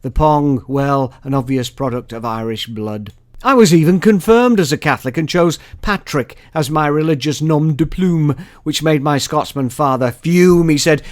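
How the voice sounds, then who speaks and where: A man's voice: fairly high pitch, moderate pace, no echo, studio quality. A middle-aged man with an English accent reciting his own poem in a wry, sardonic way. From England. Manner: wry, sardonic verse delivery. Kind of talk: poetry recitation.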